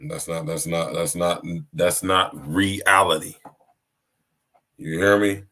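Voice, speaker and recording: Deep-voiced man preaching on a podcast. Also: fairly even intonation, slow pace, sharp tone. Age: 30s. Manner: preachy, repeats "you hear me" and "man". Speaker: podcast host. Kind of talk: casual live-stream monologue.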